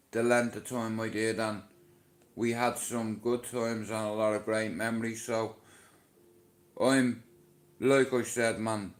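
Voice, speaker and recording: A middle-aged Irish man telling a personal family story to camera in a blunt, heartfelt way, swearing freely. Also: lowish voice. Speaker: vlogger.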